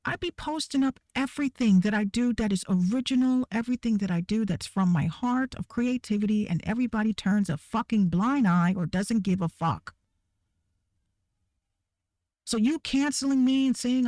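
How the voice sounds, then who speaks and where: A woman's voice: a little high, lively intonation, brisk, hardly any pauses, warm tone, dry recording, clean studio sound. A woman ranting bluntly and heatedly to her viewers, swearing a lot and repeating herself for emphasis. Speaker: online creator ranting to viewers. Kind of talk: profane rant to camera.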